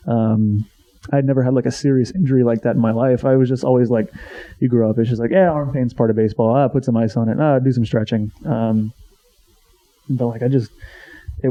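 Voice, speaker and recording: Very dark-voiced young man telling stories. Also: mid-range voice. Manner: rambling, profane, heavy filler words. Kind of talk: casual storytelling chat. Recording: dull lo-fi sound.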